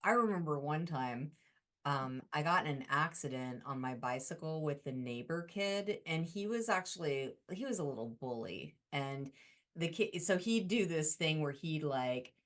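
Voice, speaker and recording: A woman with a notably deep voice talks in a soft-spoken, reflective way. She hosts a relaxed conversation and answers with memories of her own. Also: moderate pace. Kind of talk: casual conversation.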